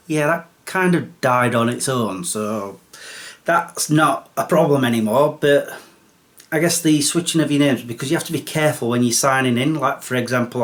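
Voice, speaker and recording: Sarcastic chatty male vlogger. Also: medium pitch. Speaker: vlogger host. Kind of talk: comedic solo vlog.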